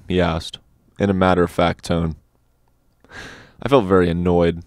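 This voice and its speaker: A man narrating an audiobook in a measured way, with wry asides. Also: low-pitched, steady tone, smooth, no room sound, clean studio sound. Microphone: dynamic studio mic.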